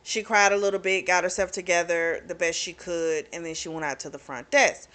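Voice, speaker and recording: A woman's voice: on the low side, fairly even intonation, a bit bright. A woman book reviewer casually retelling a novel's plot, chatty and laughing often, with lots of "you know" and "like" fillers, briefly voicing the characters' lines. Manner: acts out characters' lines in quick asides.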